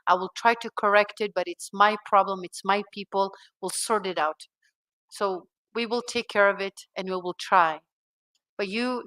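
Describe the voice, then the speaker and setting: A woman from Afghanistan speaks to a rally crowd with a bright, sharp voice. She is emphatic and repeats herself to drive points home. Her pitch leaps up on the words she stresses. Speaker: guest speaker at a public rally. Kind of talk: impassioned public talk.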